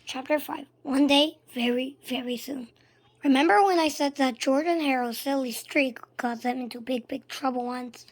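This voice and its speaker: Woman narrating a children's book read-aloud; expressive, often hushed, high voice with a gravelly edge. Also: moderate pace. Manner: expressive, shifting between loud and hushed. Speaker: storybook reader.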